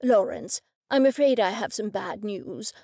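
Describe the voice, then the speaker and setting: A woman voicing a formal, precise gentleman in a storybook reading, who enunciates every word loudly and clearly. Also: medium pitch, lively intonation, measured pace, no echo, studio quality.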